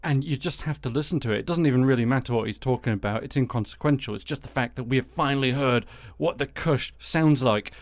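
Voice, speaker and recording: A male podcast host delivering satirical news commentary with sarcastic, dry asides. His voice sits at a middle pitch and is recorded close and dry, with no room sound. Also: fast, few pauses, no room sound.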